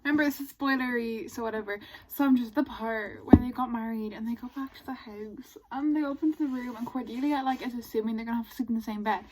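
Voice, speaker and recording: A chatty woman talking through her reading in a casual vlog. Her voice sits a little high, and she gushes one moment and groans in exasperation the next. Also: fast, hardly any pauses, a little hiss or hum, poor audio. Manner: chatty, excitable, gushing and exasperated asides. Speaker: book vlogger.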